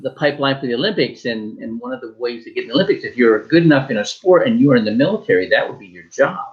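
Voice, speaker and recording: A man from Michigan, a talk show guest, telling a story in a joking, animated way with quoted dialogue and restarts. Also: medium pitch, very fast, lo-fi sound.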